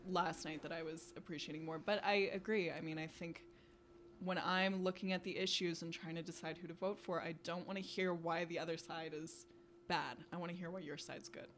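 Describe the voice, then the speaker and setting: A young woman with a slightly low voice chats casually as a podcast co-host. Her talk is full of fillers and quick asides, and faint noise hums behind her. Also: fairly even intonation, fairly bright tone. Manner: chatty, many fillers like "you know" and "like". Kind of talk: casual chat.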